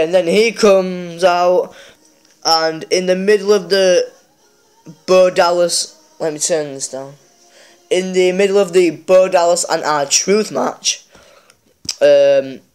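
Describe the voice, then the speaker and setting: A man's voice: sits high, darkish tone, smooth. A man hosting a mobile game channel, casually recapping a wrestling show with lots of fillers and restarts. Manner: rambling, many fillers and restarts.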